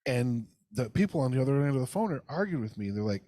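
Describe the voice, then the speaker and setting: A man's voice: mid-range voice, very animated, quick pace, few pauses, mellow, no echo, studio quality. A man co-hosting a casual podcast, telling a heated, profane story and acting out phone calls. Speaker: podcast co-host. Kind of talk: casual ranting podcast chat.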